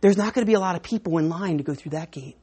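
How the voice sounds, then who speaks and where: A woman preaching a sermon with an object lesson, lively and acting out the voices of a crowd. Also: fairly low pitch, very fast, breathy edge. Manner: animated, acts out crowd voices.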